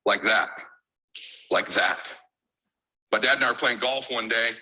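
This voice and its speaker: A man's voice: medium pitch, unhurried, sharp tone, low-quality recording. A man giving an emotional keynote speech as a motivational speaker, emphatic and driven by insistent repetition.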